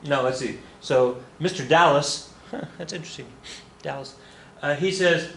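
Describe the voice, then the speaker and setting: A man's voice: medium pitch, a little slow, vocal fry, a bit bright. Male history teacher, casual classroom lecture, joking, self-correcting, roomy echo, faint background hum.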